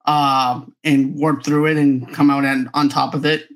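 A man guesting on a podcast, chatting about a movie and quickly recalling scenes. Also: mid-range voice, little pitch movement. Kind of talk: casual movie review chat.

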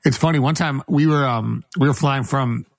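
A man joins as a guest over a video call. He has a gravelly voice at a middle pitch, with a dry sound. He talks in a laid-back, halting way with plenty of fillers. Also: no echo. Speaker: guest musician. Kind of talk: casual interview.

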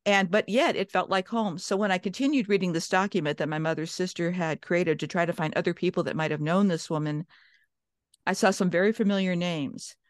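A woman's voice: fairly low pitch, fairly quick, no echo, studio quality. A woman from Minnesota telling a long personal story as an interview guest, chatty, with restarts and quoted inner thoughts.

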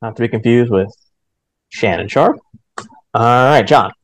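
A man co-hosting a casual podcast chat, running a mock draft with quick jokes. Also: no echo. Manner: quick, joking, lively pitch swings.

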